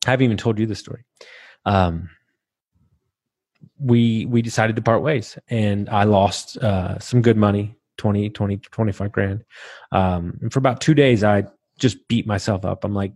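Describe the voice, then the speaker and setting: Candid thirty-something man, low voice. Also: fairly even intonation, darkish tone, no echo. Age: 30s. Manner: rambling, halting, swears freely. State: emotional at times. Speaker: podcast host sharing his story. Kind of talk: candid personal storytelling.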